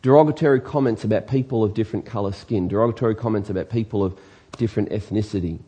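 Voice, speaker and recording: A man's voice: on the low side, fast talker, warm tone, husky. A man with an Australian accent, preaching a sermon earnestly and emphatically, asking his congregation rhetorical questions. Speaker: pastor.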